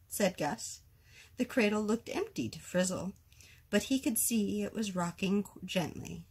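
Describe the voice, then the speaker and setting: A woman reading a children's picture book aloud, slow and expressive, giving the characters their own voices. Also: mid-range voice, slightly rough. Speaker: storyteller.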